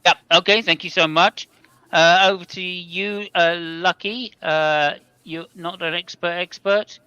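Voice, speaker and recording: A man co-hosting a casual podcast, handing over with playful quick asides. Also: high voice, steady tone, sharp tone, clear, resonant tone, dry recording. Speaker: podcast co-host. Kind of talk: casual chat. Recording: dull lo-fi mic.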